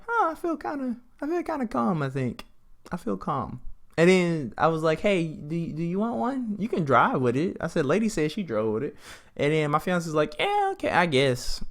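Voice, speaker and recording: A young man hosting a podcast, telling a rambling, chatty story and acting out both sides of the conversations in a raised voice. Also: fairly high pitch. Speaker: podcast host. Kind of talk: casual storytelling.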